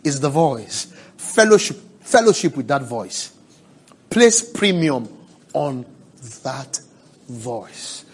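A man preaching a sermon, asking the congregation for responses and swinging from hushed, drawn-out words to loud cries. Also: a little high, breathy edge. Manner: preaching with call-and-response, swelling to shouts.

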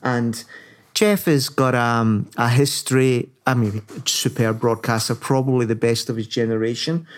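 A man from northern England co-hosting a casual talk show, animated and laughing as he speaks. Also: mid-range voice, a little slow. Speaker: podcast co-host. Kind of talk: casual conversation.

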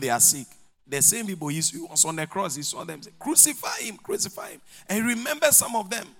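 A male pastor preaching a sermon, telling stories and acting out the dialogue. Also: high voice. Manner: animated storytelling, acting out dialogue, laughing along.

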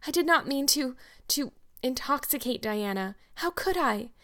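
A woman's voice: high voice, lively intonation, measured pace, pushed and bright, voice pushed up, heavily acted. A woman reading an audiobook and voicing an eleven-year-old orphan girl who speaks in a flowery, dramatic way. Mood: imploring. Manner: breathless, flowery, pleading.

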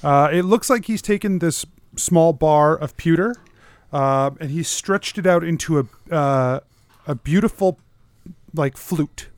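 A man's voice: on the high side, measured pace, no room sound. A man running a tabletop game, describing scenes casually with many fillers. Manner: casual, filler-heavy narration. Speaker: game master.

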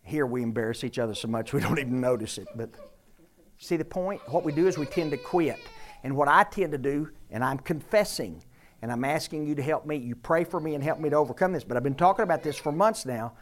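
Lively in intonation and fairly quick, the mid-range voice belongs to an older preacher teaching scripture. His church sermon is interactive, full of questions for the congregation, playful teasing and emphatic delivery.

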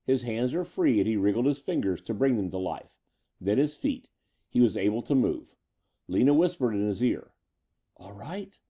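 Dark-voiced male pulp story narrator. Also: lowish voice, normal speed, breathy edge. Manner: expressive, dramatic reading. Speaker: audiobook narrator.

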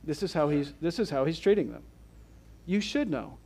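Male pastor, fairly high voice, lively rhetorical sermon delivery in church. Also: normal speed. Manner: animated, rhetorical questions to the congregation. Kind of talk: expository sermon.

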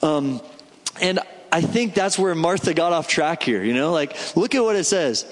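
A man preaching a sermon in a relaxed, conversational way, often acting out the voices in the story. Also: fairly high pitch, unhurried. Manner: conversational, animated, acts out quoted voices. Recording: long hall reverb.

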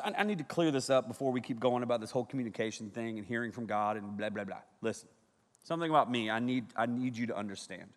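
A male pastor preaching with humor, joking with the crowd and acting out bits of dialogue. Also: medium pitch. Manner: joking, animated, acts out dialogue. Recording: long reverb of a large hall.

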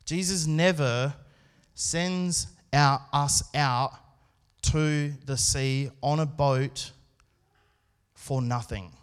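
A man preaching a sermon at a church service, speaking in an earnest, conversational way with pauses and restarts. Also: fairly high pitch, fairly even intonation, smooth. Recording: long hall reverb.

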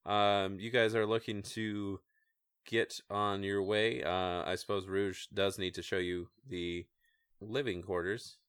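A man with a lowish voice narrates a tabletop game as its host and game master. He talks in a relaxed way, pausing on fillers, and the sound is dry and close. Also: clear, resonant tone, dry recording. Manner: relaxed, with frequent filler hesitations.

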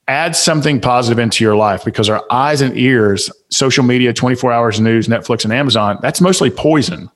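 A man with a Southern accent talks as a guest on a podcast. He preaches self-improvement with emphatic conviction and stacks up rhetorical questions. His voice sits at an ordinary middle pitch. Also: brisk, few pauses. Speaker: guest author and speaker. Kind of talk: motivational podcast interview.

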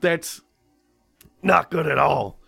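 A man with a somewhat high-pitched voice reads a ghost story aloud on a casual podcast. He often breaks off for joking asides. The sound is close and dry, with no room echo. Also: slow, vocal fry, sharp tone, slightly rough, faint music behind. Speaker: podcast host reading a story. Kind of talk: casual comedic podcast chat.

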